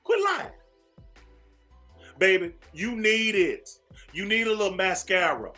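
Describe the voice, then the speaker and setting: A man with a high, pushed, bright voice hosts a morning radio show at normal speed, with soft music playing beneath him. He rants sassily and preachily in talk radio style, calling listeners "baby" and repeating himself for emphasis.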